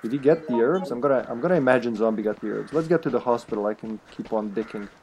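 A man live-streaming a video game, chatting casually, laughing often and greeting viewers loudly by name. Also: mid-range voice, fast talker, a little hiss or hum.

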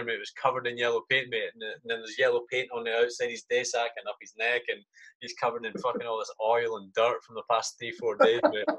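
A man's voice: mid-range voice, sharp tone. A man in his thirties, an army sergeant guest on a podcast, telling war stories casually with heavy swearing and "mate" in every sentence. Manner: swears a lot, says "mate" often; acts out his own past reactions. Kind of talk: casual storytelling.

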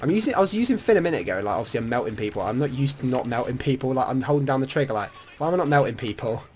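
Excitable young gamer guy. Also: medium pitch, racing, a little hiss or hum. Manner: excitable, swears freely, laughing banter. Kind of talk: casual gaming commentary.

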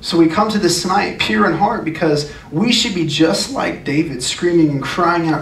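Male youth pastor, high voice, earnest sermon, recorded from afar in an echoey room. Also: normal speed, hardly any pauses, fairly bright tone. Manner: earnest, emphatic, repeats phrases. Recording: echoey room, distant mic, faint noise.

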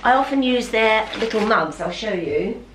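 A woman's voice: on the high side, lively intonation, moderate pace, noisy background. A middle-aged woman chatting in a home vlog, talking to her dog while she unboxes parcels and keeps exclaiming. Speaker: vlogger. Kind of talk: casual vlog. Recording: roomy, from a distance.

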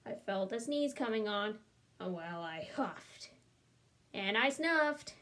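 A woman reading a storybook aloud as a smooth-talking male wolf, chatty and wry in tone. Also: mid-range voice, expressive, slow pace, fairly bright tone. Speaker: storybook reader. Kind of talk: children's read-aloud.

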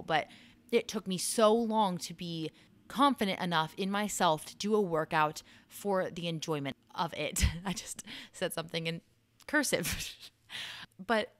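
A woman hosting a solo podcast, chatting in a casual, encouraging way and laughing at herself, her voice starting to go a little hoarse. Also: fairly low pitch, a bit bright, no room sound. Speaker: podcast host.

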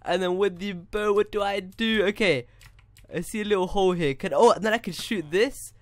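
A young man giving casual, excitable commentary while playing a block-building game, talking to himself as he goes. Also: sits high, moderate pace, dry recording. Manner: excitable, talks to himself, says dude a lot. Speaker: gaming YouTuber. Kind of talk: casual Minecraft gameplay commentary.

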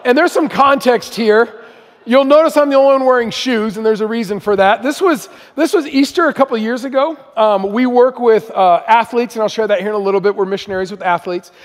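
A middle-aged man from Southern California, a missionary guest speaker telling his story in a conversational, humorous sermon. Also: high-pitched. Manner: conversational, humorous, self-deprecating. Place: church auditorium. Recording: long hall reverb.

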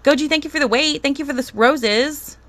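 An excitable, bubbly woman hosting a casual live stream from home, chatting to viewers and thanking them by name. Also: high voice, a little fast. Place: at home with a dog.

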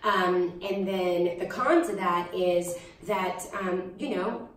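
A woman's voice: on the low side, slow pace. A young adult woman, a singer-songwriter, chatting casually in an interview with lots of fillers. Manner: chatty, animated, frequent fillers. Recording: roomy, distant mic with faint ambience.

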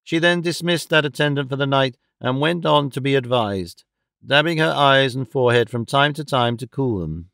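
A man's voice: medium pitch, normal speed, vocal fry, a bit bright, clear, resonant tone, no echo, clean studio sound. Man narrating a classic novel. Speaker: audiobook narrator.

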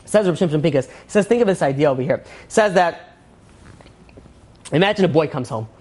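A man teaches a relaxed religious class, racing through parables about kings and diamonds in a loose, rambling way. He is packed with fillers and restarts, and he slips into quick voices for the characters. His delivery is brisk and chatty, not polished. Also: a little high, slightly rough. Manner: rambling storyteller, many fillers, acts out quotes. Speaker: rabbi. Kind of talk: informal Torah class.

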